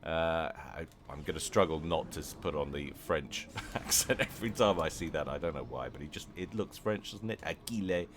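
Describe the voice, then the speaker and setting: A man's voice: a bass voice, expressive, brisk, hardly any pauses, slight background noise. A man giving jokey, chatty commentary on a strategy game replay, with self-mocking asides. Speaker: game caster.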